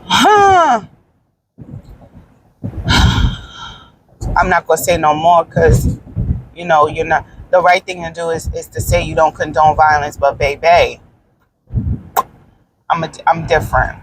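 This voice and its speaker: A woman's voice: sits low, flat delivery, normal speed, long pauses, slight background noise, low-quality recording. Blunt, profane woman podcaster. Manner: rambling with frequent fillers and asides. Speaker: podcast host. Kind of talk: casual solo podcast monologue.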